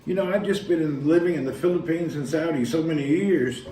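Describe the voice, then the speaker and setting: A man's voice: fairly high pitch, brisk, warm tone, faint music behind. A man chatting casually on a live stream, rambling and joking with frequent laughs, talking from inside a vehicle. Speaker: vlogger. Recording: noisy car ambience.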